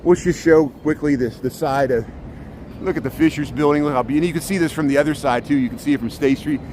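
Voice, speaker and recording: A man with a slightly high voice talks at a quick pace while live-streaming a walking tour, chattily pointing things out and often restarting sentences. He walks along a city street outdoors, then into a building arcade, with traffic noise and the arcade's echo in the recording.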